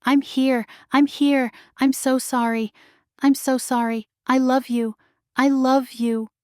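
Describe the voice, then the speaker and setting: A woman's voice: high voice, little pitch movement, slow, a little mellow, clear, resonant tone, dry recording, clean studio sound, voice pushed up. A woman voicing a tearful young sister who repeats apologies while crying in an audiobook romance story.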